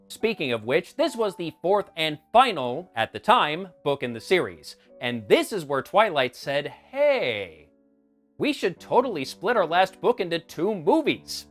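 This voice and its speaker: A man hosting a scripted comedic film commentary, with sarcastic, wry asides. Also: fairly high pitch. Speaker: film review host.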